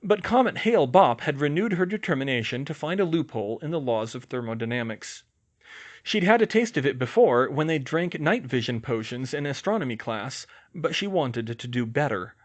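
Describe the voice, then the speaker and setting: A man narrating a fan fiction audiobook in a steady, even storytelling manner. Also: medium pitch, moderate pace.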